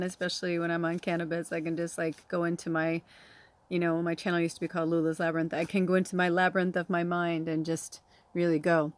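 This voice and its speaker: Chatty woman spiritual reader, rambling. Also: on the low side. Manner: rambling, chatty, laughs often, swears casually; emotional, near tears. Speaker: tarot reader and medium. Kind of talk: casual spiritual vlog chat.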